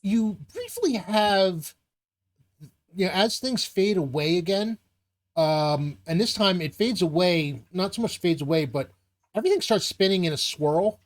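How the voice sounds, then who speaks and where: A game master describes scenes in a live tabletop session at a middling pitch. The narration wanders and is full of ums and restarts as the scene is set. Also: lively intonation, measured pace. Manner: rambling narration with many fillers.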